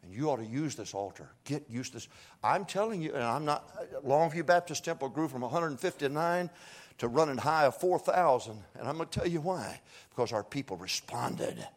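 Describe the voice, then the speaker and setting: A man preaching a revival sermon in a church, folksy and joking, pleading softly one moment and shouting from afar the next. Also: medium pitch, lively intonation, moderate pace. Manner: swings from hushed pleading to far-off shouting. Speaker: guest preacher. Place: church sanctuary.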